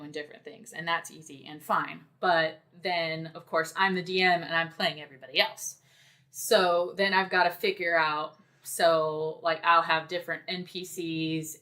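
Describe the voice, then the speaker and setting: A woman with a somewhat low voice talks very slowly on a casual podcast. As a dungeon master, she explains her ideas in an unhurried, thoughtful way, with plenty of "you know" and "like." She sounds like a relaxed guest chatting with the hosts. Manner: unhurried, thoughtful, many fillers.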